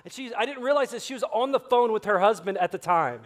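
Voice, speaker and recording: A man's voice: sits high, fast, hardly any pauses. A male pastor, preaching a sermon and telling stories animatedly, acting out the dialogue. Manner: animated storyteller acting out quotes. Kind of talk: sermon with storytelling.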